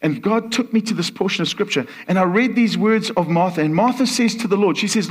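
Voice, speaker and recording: High-voiced man preaching a sermon. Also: brisk, hardly any pauses. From Portuguese. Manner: storytelling, acts out voices in quotes. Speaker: guest preacher.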